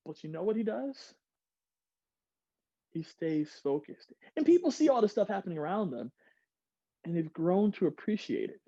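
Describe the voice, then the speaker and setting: A man giving an energetic online workshop, reading out audience replies and laughing often. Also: high voice, fast, no room sound, dull audio. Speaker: workshop speaker. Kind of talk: interactive online workshop talk. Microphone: video call.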